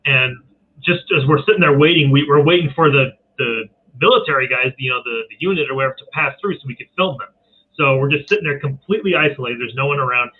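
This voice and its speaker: A man's voice: mid-range voice, fast talker, husky. A man telling a story in casual podcast chat, hesitating with many fillers and imitating sounds. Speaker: podcast guest. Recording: tinny phone-like line.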